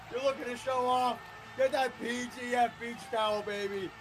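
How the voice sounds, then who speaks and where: A man playing a brash, boastful male showman who shouts hype and trash talk while hawking merchandise. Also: very high voice, a little hiss or hum, exaggerated voice, poor audio. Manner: loud hype-promo bragging, trash talk. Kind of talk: wrestling-style merch promo.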